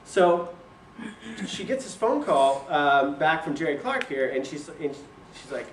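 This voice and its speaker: A young man tells his business story casually and animatedly, laughing often and doing voices for what others said. His fairly high voice is unhurried, with slight background noise and roomy echo from a distant mic.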